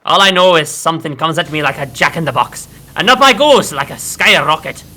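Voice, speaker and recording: A streamer reading the lines of a flustered lizard groundskeeper in a rough, Scottish-sounding put-on voice, during a live watch-along stream. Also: mid-range voice, animated, fairly quick, bright, forceful tone.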